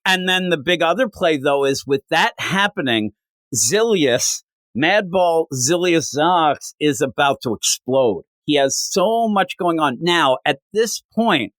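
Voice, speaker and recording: A man talks comics on a podcast, his pitch swinging high and low as he recaps the story. He keeps jumping into the characters' lines with quick little voices. The sound is dry and close, with no room around him. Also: no echo. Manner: animated, acts out characters' lines while recapping. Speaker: podcast co-host. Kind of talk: casual comic book chat.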